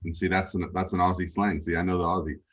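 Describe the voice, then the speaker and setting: A man speaking as a podcast guest over a remote call, relaxed and rambling with lots of fillers. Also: sits low, fast talker. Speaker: guest coach. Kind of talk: casual interview chat.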